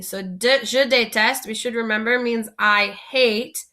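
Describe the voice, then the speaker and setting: A woman's voice: fairly high pitch, steady tone, a little slow, bright, forceful tone. A woman teaching a French vocabulary lesson, patiently asking learners to repeat words after her.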